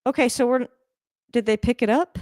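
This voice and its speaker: A woman's voice: fairly high pitch, normal speed, no room sound, studio quality. Chatty woman reacting live to football. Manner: chatty, rambling, laughs often, sudden excited outbursts. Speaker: livestream host reacting to a football game. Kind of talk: casual live game reaction. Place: home room, moving around the camera.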